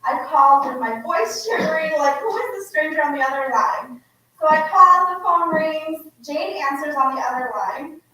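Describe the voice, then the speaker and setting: A high, bright-voiced woman in her forties, originally from Laos, speaks off the cuff at an indoor event in a heartfelt, emotional, conversational way. She stands well back from the microphone, so her voice rings through an echoey hall. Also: lively intonation, moderate pace, distant mic. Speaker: guest author speaking at an event. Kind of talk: unscripted personal storytelling. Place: indoor museum exhibit event.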